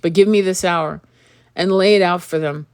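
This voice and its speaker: A woman's voice: on the low side, steady tone, moderate pace, clear, resonant tone. Earnest woman pleading, with a cough. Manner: earnest and pleading, with many repeated words and restarts; asks the listener direct questions. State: coughing with an irritated throat. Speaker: spiritual reader and channel host. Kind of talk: impassioned spoken monologue.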